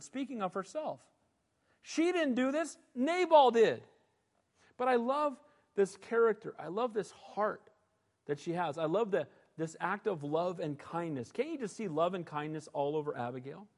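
A man's voice: high-pitched, lively intonation, unhurried. A male pastor preaching a sermon in a conversational style, often asking the congregation "amen?". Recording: long hall reverb.

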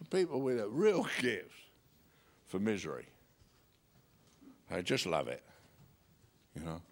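A man's voice: on the low side, wildly swooping pitch, takes it slowly, long pauses. A male pastor preaching a sermon, reading scripture and joking with a chuckle between verses.

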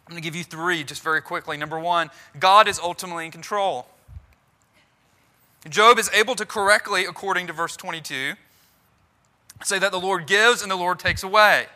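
A man's voice: sits high, brisk, pushed and bright. A man preaching a sermon to his church in an earnest, conversational way, often restarting his phrases. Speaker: pastor.

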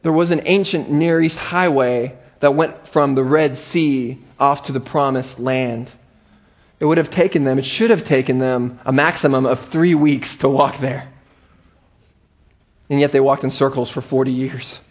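A male pastor preaching a sermon with animated delivery and playful asides, on a dull lo-fi recording. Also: mid-range voice, normal speed.

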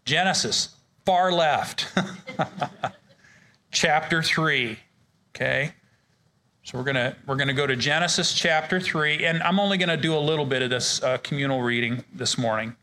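A man's voice: fairly high pitch, normal speed, bright, forceful tone, a little hiss or hum. A man leading a men's ministry Bible study in a casual, joking way, often restarting his sentences. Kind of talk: informal Bible study teaching.

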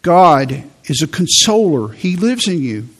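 A man's voice: a little high, sing-song, slightly rough. Man preaching in a conversational, emphatic way. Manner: conversational preaching with repetitions and slow emphatic phrases. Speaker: pastor. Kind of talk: sermon.

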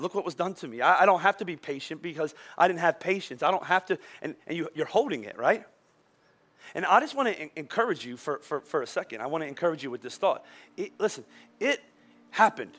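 Brief: male pastor, high-pitched voice, animated sermon storytelling. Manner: animated storytelling, frequent restarts.

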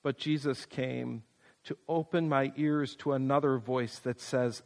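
A man delivering a reflective devotional reading in a slow, earnest and tender way. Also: medium pitch, fairly even intonation, gravelly, a little mellow, in a large hall. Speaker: preacher.

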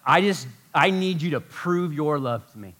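Quick insistent demanding wife, put on by a male preacher mid-sermon. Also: a little high, animated, fairly bright tone.

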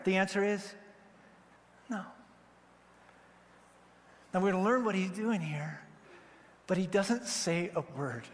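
A man from Wyoming preaching a sermon as pastor, animated and joking, acting out the voices he quotes. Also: high-pitched. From Wyoming, United States. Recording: long hall reverb.

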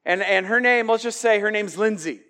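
A man's voice: high voice, normal speed, bright, forceful tone. A man preaching a sermon as pastor, conversational and emphatic, with joking asides.

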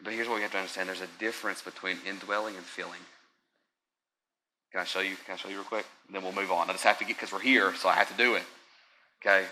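In a low voice, a man preaches a conversational sermon, checking in with the congregation often and shifting from soft, slow moments to loud, excited ones. The recording is low quality, with a little hiss or hum.

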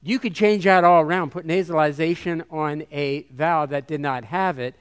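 A man with a clear, resonant voice, pitched a bit above the usual, speaks to a conference crowd as a missionary. He teaches by quizzing the audience and drawing out sounds slowly so they can hear them. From United States. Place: hall with a live audience.

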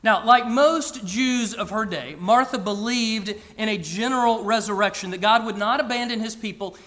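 A man reading scripture and preaching a sermon in a slow, measured way with emphatic pauses. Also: high-pitched, a bit bright, in a large hall.

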